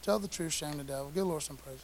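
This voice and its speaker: A middle-aged man preaching a sermon in a conversational way, dropping into casual slang and swinging from loud to hushed. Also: fairly high pitch, quick pace, low-quality recording. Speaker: pastor. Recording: faint hiss.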